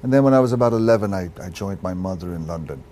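A man's voice: low voice, expressive, racing, mellow, slight background noise. A man in his sixties, born in Ireland, telling stories in a candid interview, reflective and self-deprecating, restarting his sentences often. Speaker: actor guest.

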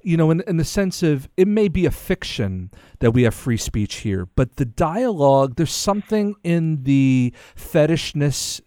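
A man's voice: fairly high pitch, very animated, a little slow, hardly any pauses, mellow, dry recording, studio quality. A man interviewing a guest, asking long, rambling questions that he restarts as he thinks aloud.

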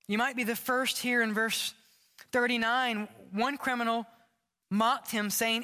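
Bright-voiced preaching pastor, echoing sanctuary. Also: male voice, high-pitched, unhurried. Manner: impassioned preaching, dropping to a whisper for emphasis. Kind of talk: sermon. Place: large church sanctuary. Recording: long hall reverb.

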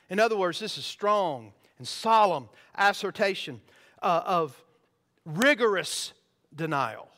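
A man with a notably high voice preaches a sermon in a church sanctuary. He teaches with emphasis and keeps putting questions to the congregation. His voice rings with the long reverb of a large hall. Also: a bit bright. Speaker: pastor.

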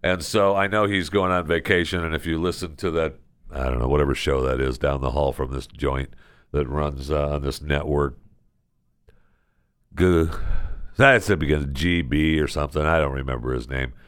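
A man's voice: rumbling low, fairly even intonation, normal speed, clear, resonant tone, no echo, studio quality. A man hosting a podcast, delivering a casual comedic monologue in a sarcastic, mock-outraged rant. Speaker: podcast host.

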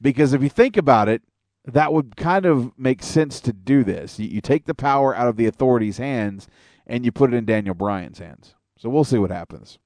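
A man's voice: mid-range voice, moderate pace, darkish tone, no room sound. Co-host guy riffing on wrestling, blunt n jokey, mid voice, dry close mic. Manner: blunt, joking, swearing. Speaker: podcast co-host. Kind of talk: casual wrestling talk.

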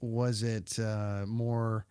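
A man's voice: lowish voice, level tone, very slow, mellow, clear, resonant tone, no room sound, studio quality. Rambling man hosting a chat show. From Ontario, Canada. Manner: rambling, many fillers and restarts. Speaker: podcast host. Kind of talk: casual interview chat.

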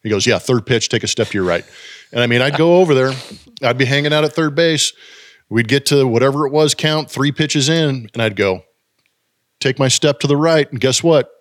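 A man's voice: mid-range voice, fairly quick, no echo, studio quality. A former ballplayer telling stories in casual chat, acting out quotes and laughing as he goes. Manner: animated, acts out quotes with laughs.

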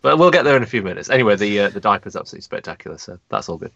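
A man's voice: on the low side, very animated, racing, vocal fry, a bit bright, lo-fi sound. An English man co-hosting a podcast, rambling with lots of fillers and self-deprecating remarks. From England. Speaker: podcast co-host. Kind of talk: casual podcast chat.

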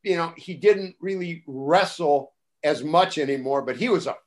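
An older man, a former wrestling broadcaster, telling casual stories on a talk show and acting out the voices of the people he quotes. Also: moderate pace. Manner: animated, acts out quoted voices with rising pitch and loudness. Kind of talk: casual anecdotal storytelling.

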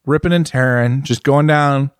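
A man co-hosting a casual podcast, talking fast and acting out other riders' thoughts in short bursts. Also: mid-range voice, clean tone, no echo, studio quality. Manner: animated, acts out riders' thoughts in quick bursts. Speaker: podcast co-host. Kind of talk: casual motorcycle chat.

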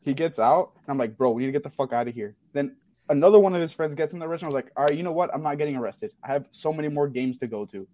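A young man, telling a rowdy story on a talk show, swearing freely and talking fast. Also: on the high side, a little hiss or hum. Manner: profane, animated storyteller. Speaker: caller sharing a story. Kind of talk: casual storytelling.

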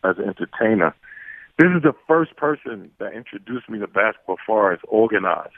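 A man tells stories as an interview guest, lively and loose, full of restarts and little acted-out exchanges. His voice comes through a tinny, phone-like line, dry and close. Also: lowish voice, a little fast, no room sound. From New York. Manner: animated, acts out quoted exchanges, many fillers and restarts. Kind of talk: casual storytelling.

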